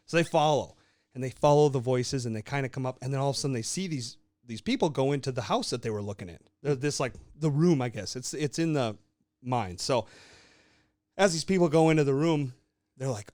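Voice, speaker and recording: A man's voice: medium pitch, brisk, a little mellow, dry recording. A young man co-hosting a podcast, casually telling a made-up story in a loose, swearing, laughing way. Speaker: podcast co-host.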